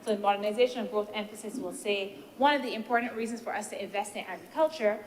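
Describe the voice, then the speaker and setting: A woman senator giving a measured, deliberative speech in a senate debate, posing rhetorical questions as she weighs the points. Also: mid-range voice. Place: senate chamber. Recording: reverberant chamber with faint background noise.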